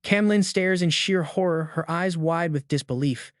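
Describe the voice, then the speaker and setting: A man's voice: fairly high pitch, moderate pace, no echo. Man narrating a story recap, dry.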